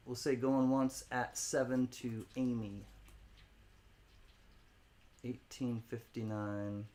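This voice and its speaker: A man hosting a live-stream coin auction, calling bids, greeting viewers by name and cracking jokes between lots. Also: mid-range voice. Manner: jokey, rambling, laughs often, chats with viewers by name; spells out words letter by letter for fun.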